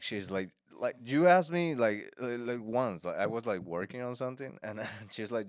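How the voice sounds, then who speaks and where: A man co-hosting a podcast, telling a story in animated casual chat, laughing often and speaking with slightly uneven grammar. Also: fairly low pitch, moderate pace, few pauses, dry recording, studio quality. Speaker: podcast co-host.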